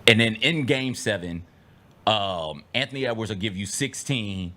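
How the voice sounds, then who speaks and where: A man co-hosting a sports talk show, casual and animated, firing off incredulous reactions. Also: lowish voice, normal speed.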